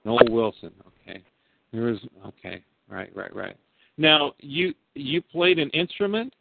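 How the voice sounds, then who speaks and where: A man's voice: mid-range voice, big pitch swings, unhurried, creaky, very noisy. A man in his forties interviewing an old friend in a chummy, joking way, with casual slang. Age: 40s. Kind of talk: casual conversation. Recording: dry phone-like narrow band.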